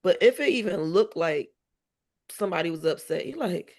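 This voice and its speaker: A woman's voice: fairly low pitch, expressive, moderate pace, a little mellow. A mother guesting on a podcast interview, telling stories about her son, laughing often and acting out remembered dialogue. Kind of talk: emotional podcast interview storytelling.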